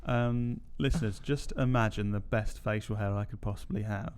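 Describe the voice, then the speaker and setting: A man's voice: fairly low pitch, normal speed, a little mellow, clear, resonant tone. A young man co-hosting a podcast, joking and poking fun at himself in casual chat. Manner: joking, self-mocking. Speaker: podcast co-host.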